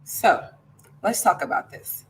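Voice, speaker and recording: A woman co-hosting a casual online talk show, teasing her partner and laughing easily. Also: measured pace. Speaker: podcast co-host. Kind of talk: casual debate chat on a video call.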